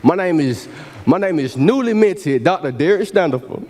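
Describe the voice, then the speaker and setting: A man's voice: a little high, expressive, moderate pace, background noise. Fired-up man giving a keynote. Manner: preacherly, repeats "y'all" often, call-and-response. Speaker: keynote speaker. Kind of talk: motivational keynote speech. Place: large hall at a university ceremony.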